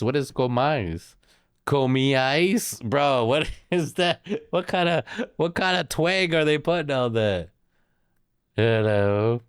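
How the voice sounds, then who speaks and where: A young man riffing with his stream chat in loose, slangy banter. His voice sits fairly low and he takes his time, with a close, dry sound and no room around it. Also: clear, resonant tone, dry recording. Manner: jokey, slangy banter with frequent laughs. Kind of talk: casual stream chat reacting to chat.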